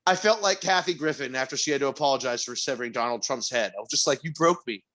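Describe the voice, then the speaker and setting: A mid-range voice and a fast-talking style mark this man as he co-hosts a podcast and vents about work. Animated and exasperated, he swears openly, and disbelief drives his voice up into near-shouts.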